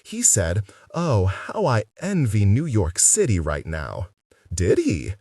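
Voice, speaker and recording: A man's voice: on the low side, wildly swooping pitch, slow pace, a little mellow, husky, no echo, exaggerated voice. A man voicing an eccentric middle-aged woman who runs a theater, breezy, commanding and evasive. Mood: gossipy. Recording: dry sound, distant mic.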